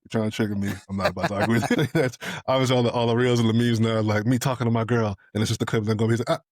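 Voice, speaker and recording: A man's voice: mid-range voice, fairly even intonation, racing, no room sound, studio quality. A man co-hosting a casual podcast, joking loosely, laughing often and quoting what others said. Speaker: podcast co-host. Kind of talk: casual chat.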